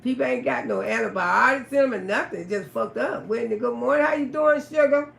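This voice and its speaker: A woman telling a raunchy story on a live stream, loud, profane and laughing often. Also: on the high side, brisk, vocal fry, reverberant. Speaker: livestream storyteller.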